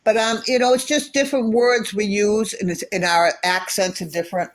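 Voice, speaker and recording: A woman's voice: mid-range voice, fairly even intonation, a little fast. A middle-aged American woman chatting on a phone livestream, telling stories and giving blunt opinions. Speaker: guest caller. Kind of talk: casual livestream chat.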